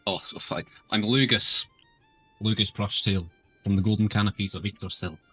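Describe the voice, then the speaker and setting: A man's voice: on the low side, fairly even intonation, normal speed, bright, forceful tone, faint music behind. A man voicing a tiny, meek male squirrel-like creature with a Scottish accent, polite and prone to stammering. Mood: flustered polite. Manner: hesitant, stammering, politely formal.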